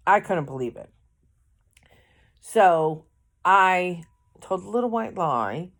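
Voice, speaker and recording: Woman rambling thru a dating story, low voice, takes her time, keeps fixing what she says. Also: lively intonation, slow pace, pauses often. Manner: rambling, anecdotal, with self-corrections. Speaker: vlogger. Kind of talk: casual storytelling.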